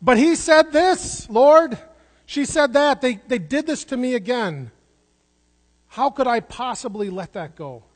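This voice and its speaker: A man's voice: extremely high pitch, animated, a little slow, pitched above the performer's own voice, heavily acted. A man voicing a resentful inner voice that pleads and complains about being wronged. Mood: indignant pleading. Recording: long hall reverb.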